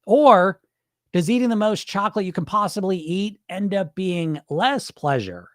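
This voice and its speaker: A man's voice: high voice, expressive, a little slow, no echo, studio quality. A man coaching on weight loss in a livestream, answering chat in a blunt, profane, fired-up way.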